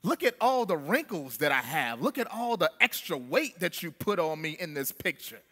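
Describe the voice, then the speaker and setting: A preacher voicing an indignant male traveler who complains loudly about his portrait. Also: on the high side, big pitch swings, moderate pace, in a large hall, full character voice. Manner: shouting complaints, insistent.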